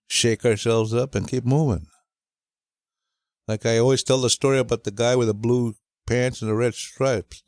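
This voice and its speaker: An older man with a mid-range voice tells family stories close to a dry podcast mic. He slips into the voices of the people in his tales and gets animated at the funny parts. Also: medium pitch, dry recording. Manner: animated storyteller who acts out voices. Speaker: guest father telling stories. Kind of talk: storytelling chat.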